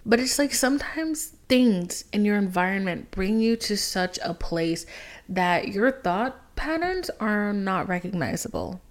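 Young woman, podcast host, casual dramatic storyteller, drops swear words, swings from loud to whispered asides. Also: mid-range voice, expressive, a little slow. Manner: swears freely.

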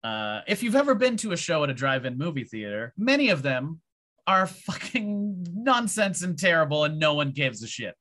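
A man guesting on a podcast, telling a long casual story in a profane, rambling, animated way. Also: on the high side, moderate pace. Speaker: podcast guest, pro wrestler.

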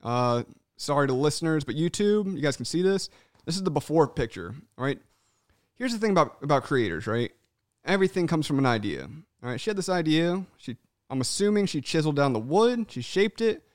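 A man co-hosting a casual podcast, animated and swearing freely, acting out people's voices when he tells stories. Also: fairly high pitch, a little fast, no echo, studio quality. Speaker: podcast co-host.

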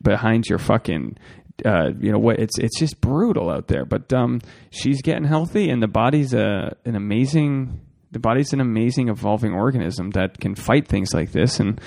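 A man's voice: fairly low pitch, creaky, a little mellow. A man hosting a solo podcast, rambling and swearing freely as he talks straight to his listeners. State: a bit out of breath. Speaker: podcast host.

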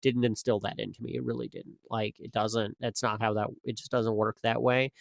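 A man's voice: fairly low pitch, flat delivery, brisk, vocal fry, dry recording, clean studio sound. Rambling young man in casual chat. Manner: rambling, many fillers and restarts. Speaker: podcast co-host.

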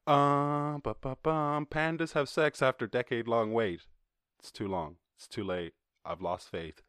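Man, comedy podcast host, riffing on news, swears constantly, laughs, mid-pitched voice, dry dead sound. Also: clean tone, no echo. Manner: profane, animated, laughing, acts out people in quick voices.

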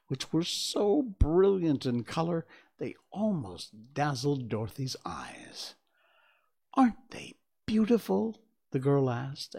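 Male audiobook narrator, unhurried and expressive, with a gravelly edge. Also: mid-range voice. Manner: expressive, storytelling.

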